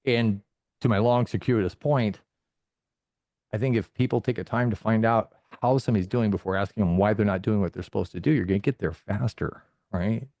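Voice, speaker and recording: A man telling stories as a podcast guest, animated and acting out the dialogue in them. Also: on the low side, fairly quick, no echo, studio quality. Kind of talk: casual storytelling.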